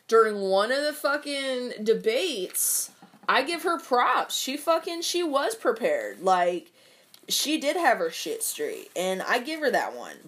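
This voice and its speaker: A young adult woman ranting casually about politics and work, swearing often and rambling with lots of fillers. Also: medium pitch.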